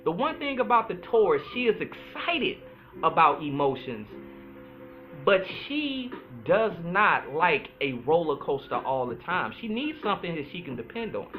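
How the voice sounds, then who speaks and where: Guy doing a solo podcast, pretty high voice, bouncy delivery, tinny phone sound. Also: soft background music. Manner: animated, chatty, playful, drawls some words slowly. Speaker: podcast host, astrologer. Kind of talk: casual solo talk.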